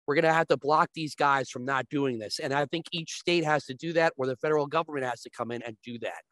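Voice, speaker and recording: A man's voice: a little high, quick pace, fairly bright tone, no echo. A man as a guest, explaining sports betting in casual chat with long, restarting sentences.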